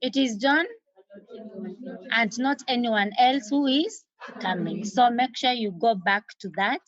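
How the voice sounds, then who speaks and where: A woman teacher with a Kenyan accent giving an exam revision lesson, repeating key terms slowly for emphasis. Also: fairly high pitch. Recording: dull lo-fi recording.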